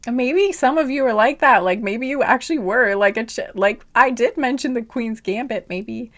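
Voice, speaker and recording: A woman giving a casual tarot reading who rambles, laughs often and makes sassy asides, sometimes dropping to a whisper. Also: medium pitch. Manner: drops to whispers at times. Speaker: tarot reader. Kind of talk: casual chatty monologue.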